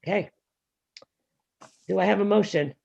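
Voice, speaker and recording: Gravelly woman chairing a council meeting. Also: medium pitch, a little mellow. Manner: brisk, procedural, with fillers. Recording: lo-fi meeting audio.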